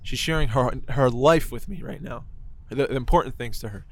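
A man's voice: mid-range voice, brisk. A man telling a moving personal story in casual conversation, swearing often and filling his talk with "like" and "right". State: choked up.

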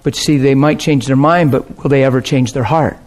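A man's voice: medium pitch, fairly even intonation, normal speed, a little mellow. A male pastor teaching a class in a conversational way, checking in with listeners and often breaking into laughter. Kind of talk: sermon teaching. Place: warm classroom or church hall.

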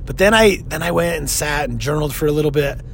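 A man's voice: fairly high pitch, gravelly, a little hiss or hum. Earnest, reflective man hosting a podcast. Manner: earnest, reflective, with frequent pauses and restarts. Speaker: podcast host and life coach. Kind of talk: casual solo podcast talk.

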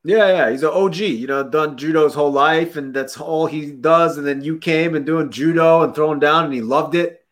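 Young male podcast host, casual and slangy, slightly high voice. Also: normal speed, few pauses, a bit bright. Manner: laid-back, slangy, laughs often. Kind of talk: casual chat.

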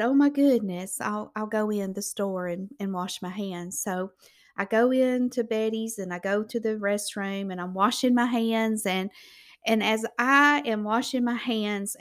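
Southern woman, middle-aged, personal testimony, heartfelt, fairly high voice. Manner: heartfelt, animated, acts out voices. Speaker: speaker telling a personal testimony.

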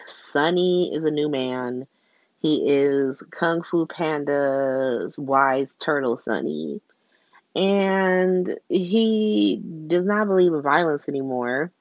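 A woman's voice: low voice, takes it slowly, no room sound, lo-fi sound. A woman recapping soap episodes in a sassy, profane, casual style, laughing often. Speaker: soap opera recap host.

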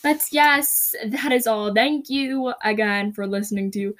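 A woman's voice: fairly high pitch, unhurried, few pauses, fairly bright tone. Rambling young woman podcast host. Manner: rambling, self-conscious, giggly. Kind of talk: casual podcast outro.

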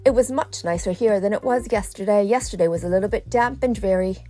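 A woman's voice: mid-range voice, fairly quick, warm tone, faint music behind. A middle-aged woman talking playfully and teasing herself in a personal vlog, chatting straight to her viewers. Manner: playful, self-mocking, talks straight to viewers. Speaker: vlogger.

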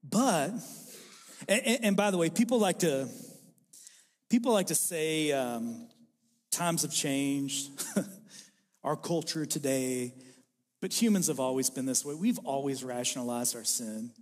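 A man's voice: a little high, animated, takes it slowly, long pauses. A male pastor preaching a sermon in a church, mixing self-deprecating jokes with his message. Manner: self-deprecating, joking storyteller. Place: church sanctuary. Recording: reverberant hall.

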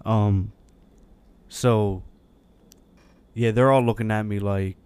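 A young man co-hosts a casual podcast, telling a long story at an easy, rambling pace. His voice sits a little low, with a smooth, clean tone. He speaks into a podcast mic. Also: steady tone, takes it slowly, a little mellow. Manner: rambling, laid-back anecdote with many fillers. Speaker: podcast co-host.

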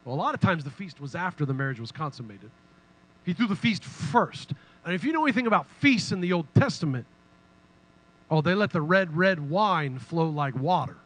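A man preaching a sermon in a casual, humorous, animated way. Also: fairly high pitch, brisk, poor audio. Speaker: pastor.

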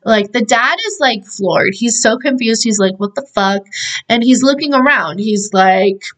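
A woman's voice: on the high side, moderate pace, fairly bright tone, low-quality recording. A young woman hosting a podcast, recapping a film in a chatty way, full of fillers and laughing asides. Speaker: podcast host. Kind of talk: casual movie recap.

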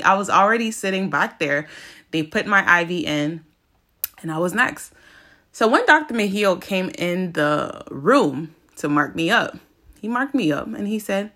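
A woman's voice: on the low side, expressive, a little fast, bright, forceful tone. A young woman hosting a podcast, chatting casually and emotionally, with lots of fillers. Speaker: podcast host sharing her experience. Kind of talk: casual chat.

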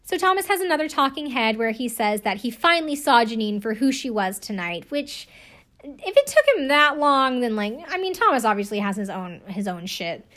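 Very animated, a woman with a slightly high, fairly bright voice recaps a reality TV episode at a moderate pace. As a show recapper she's chatty and profane, laughing often and saying "like" all the time.

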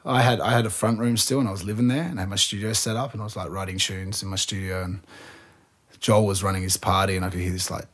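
A man's voice: low voice, little pitch movement, quick pace, a bit bright. Loose, rambling, swearing man DJ. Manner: loose and rambling, swears freely, acts out quotes. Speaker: guest DJ and producer. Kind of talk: casual interview chat.

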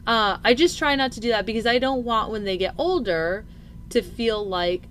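A woman's voice: a little high, normal speed, a bit bright. Thirtysomething woman chatting about parenting, earnest, lots of likes and ums, faint hiss behind. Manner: chatty, earnest, thinks aloud with many fillers. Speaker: podcast co-host. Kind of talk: casual chat about parenting.

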